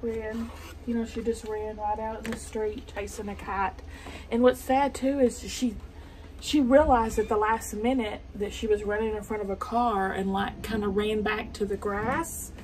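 A woman's voice: medium pitch, fairly even intonation, normal speed, a little hiss or hum. A woman with a Southern accent chatting and telling stories as she sews, in a meandering, casual way. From Arkansas. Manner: chatty, meandering, soft-spoken asides. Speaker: sewing vlogger. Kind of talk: casual storytelling while sewing. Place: home sewing room.

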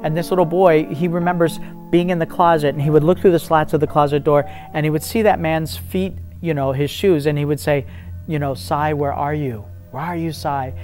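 A man's voice: a little high, fairly even intonation, brisk, a little mellow, faint music behind. A man in a faith interview, telling a story earnestly and acting out the dialogue with rising intensity. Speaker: ministry guest telling a testimony.

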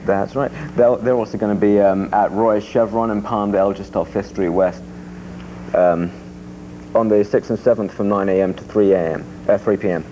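A man with a fairly low, mellow voice co-hosts a casual morning radio show, telling gags, joking around and laughing often. He speaks at normal speed in a steady tone. The audio is dull radio quality with a faint hiss.

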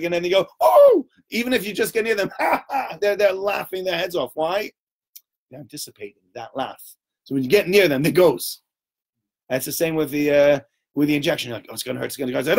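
A man giving an informal Torah talk to a small group, conversational and animated, often checking in with "right?" and acting out little voices. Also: on the high side. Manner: acts out little voices and sounds while telling stories.

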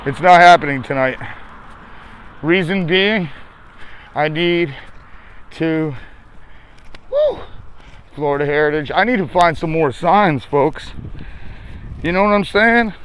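A man's voice: fairly high pitch, slow, pauses often, a bit bright, slight background noise. A man hosting a livestream outdoors on a city sidewalk, talking in a crude, joking, profane way and sounding short of breath behind a face mask. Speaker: livestream host. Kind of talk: rambling live-stream chat.

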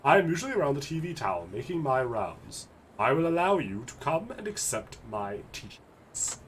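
A man's voice: a little high, big pitch swings, normal speed, slight background noise. A man voicing a pompous self-styled nobleman of thirty-five, who scorns others in grand, old-fashioned wording. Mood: haughty.

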